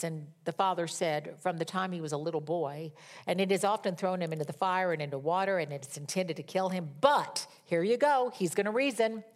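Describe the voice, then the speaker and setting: A woman with a lowish voice preaches and reads scripture dramatically, moving from loud, emphatic peaks down to hushed whispers.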